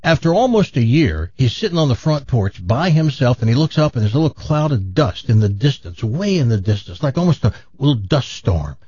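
Animated radio host with husky voice. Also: male voice, medium pitch, fairly quick, few pauses, dry recording, muffled recording. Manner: animated joke-telling, laughs at own story. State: jaw sore after dental work. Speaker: radio talk show host. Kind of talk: casual storytelling on radio.

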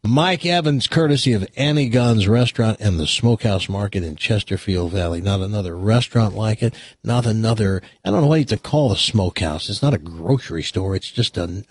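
A man's voice: lowish voice, expressive, a little fast, darkish tone, breathy edge, no echo. A male radio host chatting casually, a rambling storyteller in the studio.

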